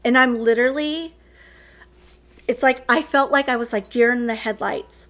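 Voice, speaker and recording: A woman with a slightly raised pitch tells a personal story straight to camera. She speaks earnestly and from the heart, her sentences full of "like" fillers as she works through the memory. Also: normal speed, fairly bright tone. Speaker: channel host.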